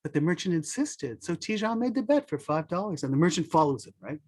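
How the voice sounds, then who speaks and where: A storyteller telling a folk tale in an animated way, sprinkling French words into the narration. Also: medium pitch, fairly quick, husky.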